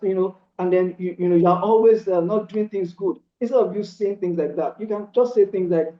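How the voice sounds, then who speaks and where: A man with a slightly high voice talks through relationship advice in an earnest, casual way. He keeps reaching for "you know" and restarting his sentences. The recording sounds roomy and a little dull. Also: fairly even intonation, fairly quick, hardly any pauses, dark tone.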